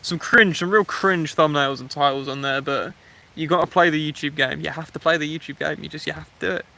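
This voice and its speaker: A man's voice: a little high, fairly even intonation, fairly quick, vocal fry, pushed and bright. A man in his twenties with an Essex English accent, chatting casually on a live stream from a woodland camp and reading out viewer comments. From England. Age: 20s. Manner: chatty, friendly, reads viewer names aloud. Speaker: vlogger.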